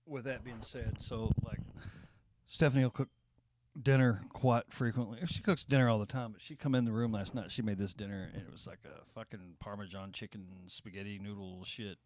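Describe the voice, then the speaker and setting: A man's voice: fairly low pitch, fairly even intonation, fairly quick, darkish tone, a little hiss or hum. A man hosting a reaction video, chatting casually with lots of swearing and laughter. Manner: laid-back, profane, laughs often.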